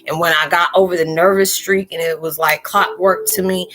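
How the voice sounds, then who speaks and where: A woman's voice: lowish voice, fairly even intonation, normal speed, fairly bright tone, a little hiss or hum. A spiritual vlogger talking casually and loosely to her viewers, repeating "you know" as she goes. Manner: chatty, loose, talks straight out with lots of "you know".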